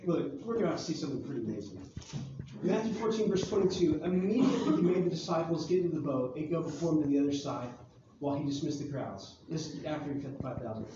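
A high-pitched man preaching a casual, joking sermon, acting out scenes from the story. He sounds far from the mic in a very echoey hall, and the sound is slightly dull. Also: expressive, quick pace, background noise. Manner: joking, conversational, acts out Bible scenes. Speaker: pastor.

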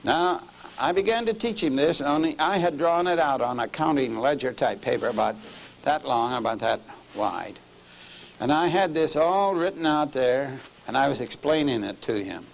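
A man's voice: mid-range voice, animated, moderate pace, creaky, slight background noise, low-quality recording. An older man giving a sermon-style lecture as a lay preacher, telling a story and driving his points home by repeating key phrases and calling his listeners friends.

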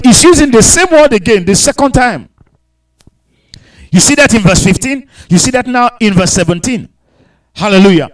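Brief: male preacher, high lively voice, repeats and shouts for emphasis. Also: normal speed, pauses often, rough recording. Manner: emphatic, repetitive preaching with sudden shouts and hushed asides; speaks in tongues between points. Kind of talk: sermon.

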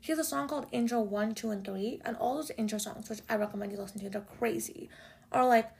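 A young woman chatting casually as a music vlogger, gushing like an excited fan. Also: on the high side, fast talker, vocal fry. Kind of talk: casual chat.

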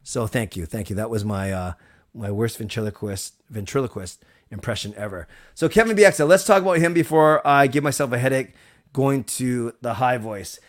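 A man hosts a live stream in a loose, rambling way, chatting straight to his viewers and thanking them. His voice sits at an ordinary middle pitch. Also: normal speed. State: recovered from a cold. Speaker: livestream host. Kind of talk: casual live-stream chat.

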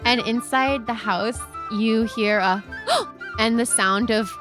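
A woman's voice: on the high side, lively intonation, takes it slowly, music in the background. A woman narrating a tabletop game as game master, describing scenes in a meandering way with frequent fillers.

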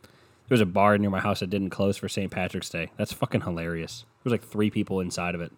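With a low-pitched, level voice and a fairly quick delivery, a young male podcaster rants by himself on a podcast mic. The talk is casual and rambling, laced with sarcasm and lots of curse words.

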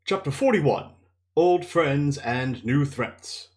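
A man hosts a book podcast, recapping a chapter in a relaxed, casual way and thinking aloud as he goes. His voice is expressive, moving up and down a lot as he talks and reads. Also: on the high side, slow pace, echoey room. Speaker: podcast host and reader.

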